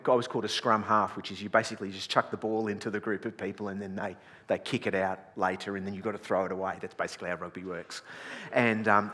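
A middle-aged pastor telling a self-deprecating story in a sermon, chatty and full of restarts. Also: male voice, on the low side, a bit bright. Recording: long reverb in a large hall.

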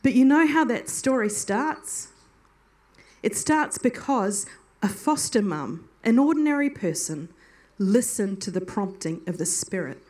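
A woman's voice: mid-range voice, lively intonation, measured pace, darkish tone. A woman preacher giving a sermon, telling a story in an earnest, heartfelt way.

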